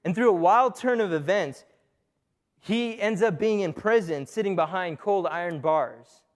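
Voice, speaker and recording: A man's voice: high voice, measured pace. A young man giving a conversational, joking sermon to a young crowd, asking himself questions and using many fillers. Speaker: youth speaker. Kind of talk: casual sermon talk.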